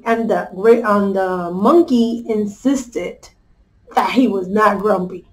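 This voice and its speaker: A woman's voice: mid-range voice, takes it slowly, a little hiss or hum, rough recording. A woman life coach retelling a children's story in a casual, conversational way, often checking in with her listeners.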